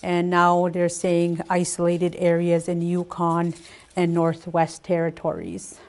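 An older woman gives a language lesson in a slow, careful voice. She sits a little low in pitch and says each word twice before she explains it. Her delivery is patient and unhurried. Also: darkish tone. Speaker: Cree language teacher.

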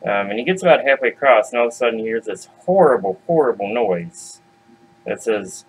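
A man's voice: medium pitch, animated, brisk, breathy edge, poor audio. Male comic storyteller, laid-back and slangy, chats with the audience.

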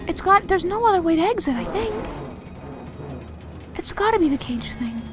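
A woman hosting a let's play, giving casual gameplay commentary with jumpy, excitable reactions, lots of restarts and occasional soft whispers. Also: extremely high pitch, moderate pace, music in the background.

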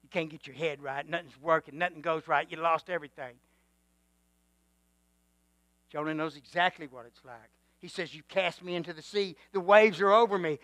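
Bright high-voiced preacher man. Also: moderate pace, no echo. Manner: swings from quiet musing to loud exhortation, calls for amen. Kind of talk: sermon.

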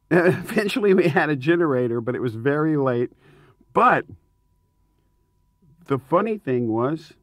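A man, a touring rock singer, telling tour stories in a casual interview, animated and emphatic, laughing often. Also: on the high side, no room sound, clean studio sound.

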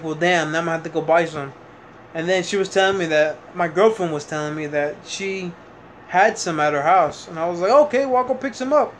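A young man fresh out of high school, telling a rambling, frustrated story in a casual vlog, full of fillers and restarts. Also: slight background noise. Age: young adult. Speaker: vlogger.

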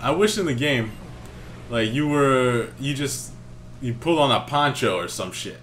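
A man's voice: medium pitch, animated, a little slow, a bit bright, faint music behind. A young man casually commenting on his gameplay in a laid-back, slangy way. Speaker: let's play host.

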